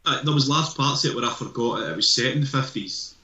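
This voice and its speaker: A man's voice: medium pitch, quick pace, bright, forceful tone, dull audio. A man on a casual film podcast, hesitant and stumbling over his words, with the odd swear. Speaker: podcast panelist. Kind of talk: casual film review chat. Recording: roomy echo.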